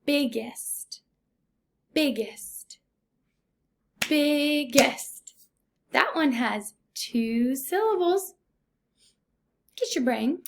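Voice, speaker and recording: Slow, high-voiced teacher with vocal fry. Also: female voice, big pitch swings. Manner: slow, deliberate, encouraging teacher talk. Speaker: first grade teacher. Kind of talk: recorded remote phonics lesson.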